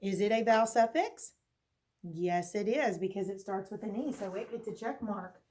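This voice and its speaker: A woman's voice: medium pitch, normal speed, mellow, a little hiss or hum. A woman teacher giving a recorded phonics lesson. She talks patiently, checks in with a frequent "okay?", and asks questions that she then answers herself. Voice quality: clears her throat now and then.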